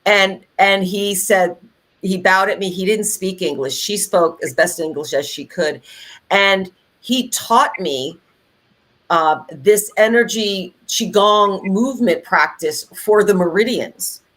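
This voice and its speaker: A middle-aged woman co-hosting a podcast, chatting in an animated way with many fillers and restarts. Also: medium pitch, slow. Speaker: podcast co-host. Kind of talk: casual conversational podcast chat.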